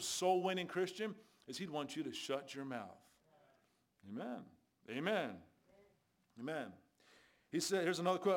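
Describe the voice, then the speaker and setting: A man preaching a sermon in a voice pitched somewhat high. He tells stories from his street ministry and drives each point home with rhetorical questions. His delivery is emphatic and conversational.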